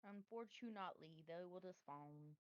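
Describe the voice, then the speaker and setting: A woman's voice: lowish voice, moderate pace, dry recording, dull audio. A woman on voice chat answering game questions in a matter-of-fact way, heard faintly over a call. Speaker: friend on voice chat.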